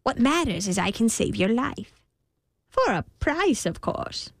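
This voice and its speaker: A woman voicing a sly odd little male imp who bargains, with a drawn-out, teasing manner. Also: a little high, very animated, gravelly, no echo, studio quality, pitched above the performer's own voice, exaggerated voice.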